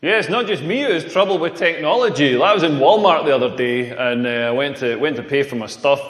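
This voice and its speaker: A man's voice: fairly high pitch, brisk, a bit bright. A man doing a crude, self-mocking stand-up routine on a club stage. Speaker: stand-up comedian. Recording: echoey stage with long reverb.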